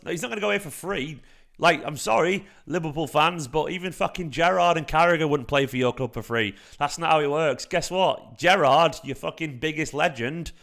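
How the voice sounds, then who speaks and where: Running a casual football fan stream, this young host from South Manchester has a light Manchester accent and a fairly high male voice edged with vocal fry. Expect animated rambling, plenty of swearing and frequent fillers.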